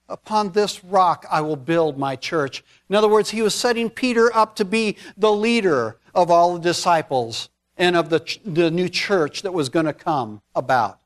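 A high-voiced man retelling a scripture story from the pulpit. He talks in a conversational, folksy way, drifting into casual asides as he preaches. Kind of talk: storytelling sermon.

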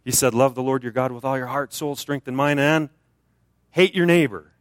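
A male American preacher delivers a lively, conversational sermon with a middle-pitched voice. He jumps up high to make a point, then drops low and soft. The sound is dry and close, with little room echo. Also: brisk, smooth. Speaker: guest preacher. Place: church.

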